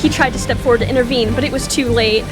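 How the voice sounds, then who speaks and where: A woman reading a story roleplay aloud as narrator and player, animated and jumping higher on shouted lines. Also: quick pace, music in the background. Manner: animated, rises high for shouted character lines.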